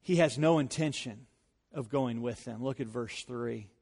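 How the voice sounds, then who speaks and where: A man preaching a sermon, telling stories with lively, rising energy and quiet serious turns. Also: medium pitch, a little slow. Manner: animated storytelling, rising loud in anecdotes. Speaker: pastor. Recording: long hall reverb.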